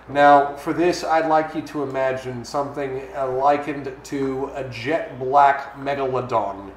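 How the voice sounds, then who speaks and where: A man's voice: medium pitch, fairly even intonation, measured pace, hardly any pauses. A man running a tabletop game as game master, narrating scenes vividly with the odd filler. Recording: echoey room, faint noise.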